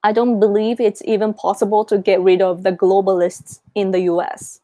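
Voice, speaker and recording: A woman's voice: mid-range voice, little pitch movement, normal speed, mellow, no room sound. A Japanese woman in her thirties, a native Japanese speaker talking English with a Japanese accent, hosts a casual live Q&A chat and rambles as she searches for her words. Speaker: live-stream host.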